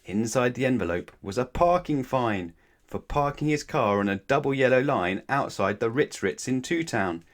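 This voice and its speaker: A man reading a children's bedtime story aloud in a gentle, expressive storytelling manner. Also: medium pitch, moderate pace. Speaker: storybook reader.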